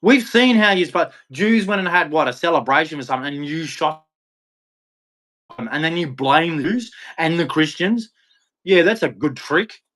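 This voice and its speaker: A middle-aged Australian man hosts a live stream in a slightly high, fairly bright voice with lively intonation and a moderate pace. He taunts viewers in a combative rant full of "dude."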